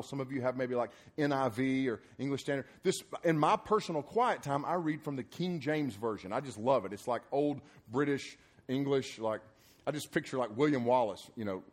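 A man preaching a sermon, emphatic and rousing, then loose and joking in conversational asides. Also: medium pitch. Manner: energetic and emphatic, rising into loud repeated punchlines. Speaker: preacher at a summer youth program.

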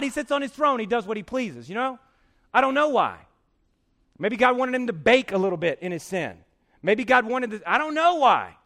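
Brief: middle-aged male pastor, high-pitched and gravelly, animated storytelling sermon. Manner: animated storytelling, acting out scenes with shouts.

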